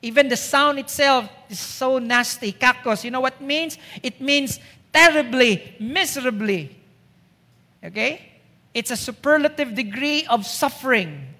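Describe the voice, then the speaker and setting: A woman's voice: high voice, animated, measured pace, sharp tone. A woman preaching a sermon in a church, emphatic and asking the congregation rhetorical questions. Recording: echoey church hall.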